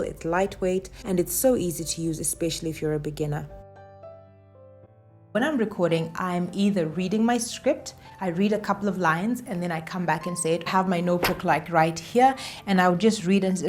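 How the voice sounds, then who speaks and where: A woman's voice: on the low side, darkish tone. A woman talking casually to camera as a vlogger, chatty and self-deprecating, repeating phrases for emphasis. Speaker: YouTuber.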